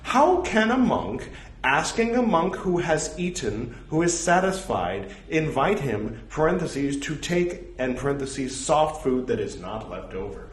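A man reads old scripture aloud at a slow, unhurried pace, his pitch swinging widely as he goes. He speaks every quotation mark and parenthesis and drops in joking asides. The recording rings with the echo of a roomy space. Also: big pitch swings. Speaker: scripture reader. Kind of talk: reading a religious text with casual asides. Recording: echoey room.

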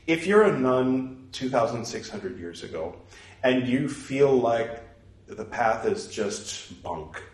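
A man reading a religious text aloud, speaking punctuation marks and stopping for casual musing asides. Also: fairly low pitch. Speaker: scripture reader. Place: room at home. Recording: echoey room, mic far off.

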